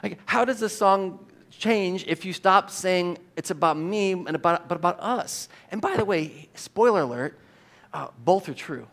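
A man preaching a sermon as a pastor, emphatic and animated, with rhetorical questions to the congregation. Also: sits high, unhurried, creaky.

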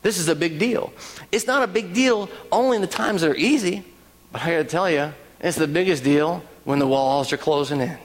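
A man preaching a sermon as a pastor, animated, acting out people's panicked words in quotes. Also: a little high, a little fast. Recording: long reverb in a hall.

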